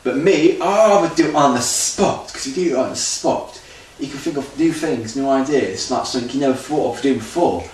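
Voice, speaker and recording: A man's voice: mid-range voice, a little fast, few pauses, a little mellow, a little hiss or hum. A man rambling loosely and unscripted through his audition tape to a camera, restarting his sentences often. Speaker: auditioning amateur actor. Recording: echoey room, distant camera mic, faint ambience.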